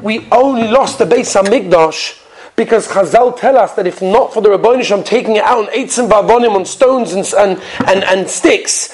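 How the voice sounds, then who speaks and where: A patient, gentle holy old rabbi, as a preacher puts him on. He explains slowly in a high voice, as in a told story. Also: natural voice. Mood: reassuring.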